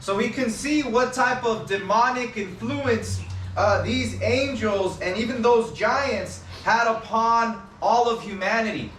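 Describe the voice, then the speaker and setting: A man's voice: very high voice, unhurried, fairly bright tone, a little hiss or hum. A man preaching in the open air, reading scripture aloud and stressing its key words with emphasis. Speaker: street preacher. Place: outdoors. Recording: echoey, distant mic, faint ambience.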